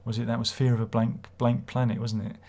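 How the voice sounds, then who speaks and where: A man's voice: medium pitch, flat delivery, a little fast, vocal fry, warm tone. A man hosting a casual livestream, rambling and swearing as he reads viewer comments aloud. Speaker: livestream host.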